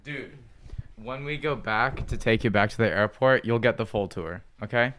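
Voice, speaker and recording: A man's voice: on the low side, moderate pace, a bit bright, clear, resonant tone. A man from Nebraska, chatting casually and emphatically as a cast member. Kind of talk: casual chat.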